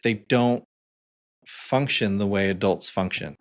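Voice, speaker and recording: This podcast co-host, a man in his forties, speaks slowly with a fairly low pitch. He chats and tells stories casually, using fillers and laughing often.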